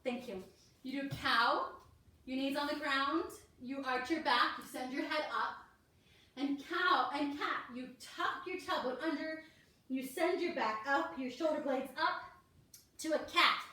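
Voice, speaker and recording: Woman, kids yoga teacher, high voice, encouraging, echoey room, mic at a distance. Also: unhurried, bright, forceful tone. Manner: encouraging, talks children through poses step by step. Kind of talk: leading a kids yoga class.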